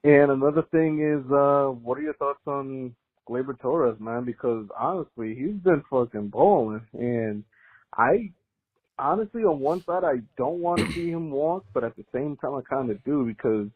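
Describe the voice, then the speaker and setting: A man's voice: medium pitch, normal speed, slightly rough, no room sound. A man calling in to a sports show, talking in a laid-back, rambling, profane way. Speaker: caller. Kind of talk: casual call-in chat. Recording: tinny phone line.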